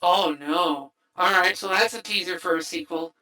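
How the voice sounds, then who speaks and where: Bright-voiced excitable woman streamer. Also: on the low side, normal speed, rough recording. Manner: excitable, rambling with many restarts. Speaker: streamer host. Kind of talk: casual livestream movie chat.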